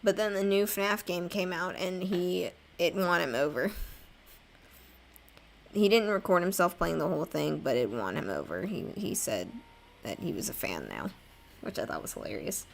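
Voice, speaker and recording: A woman's voice: on the low side, animated, normal speed, creaky. A young woman chatting casually with viewers while drawing live, rambling and poking fun at herself. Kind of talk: casual livestream chat.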